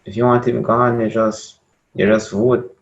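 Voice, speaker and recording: A young Jamaican man co-hosting a podcast, speaking in a halting way and repeating words as he thinks. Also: fairly low pitch, little pitch movement, gravelly. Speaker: podcast co-host. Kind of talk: casual debate chat. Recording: dull lo-fi sound.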